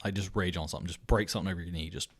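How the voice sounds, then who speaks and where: A young man with a lowish voice talks fast, musing about how people behave and dropping dry wisecracks. The tone is loose, casual podcast conversation. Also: fairly even intonation.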